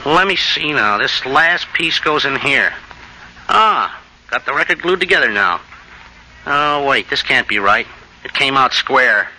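A man's voice: medium pitch, lively intonation, unhurried, natural voice. An actor playing a bumbling, wisecracking young man who runs a fix-it shop, in 1940s radio acting style. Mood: flustered. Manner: goofy, wisecracking. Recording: noisy old radio broadcast.

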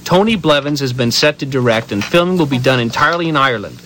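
A man's voice: mid-range voice, animated, fast talker, fairly bright tone, a little hiss or hum. A man in an improvised radio comedy, reading a newspaper item aloud in a mock-earnest way.

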